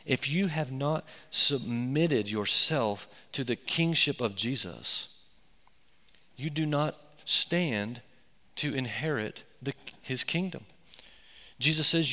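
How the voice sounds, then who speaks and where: A man preaching a sermon as pastor, earnest and emphatic, with excited asides. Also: medium pitch, slow, in a large hall. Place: church sanctuary.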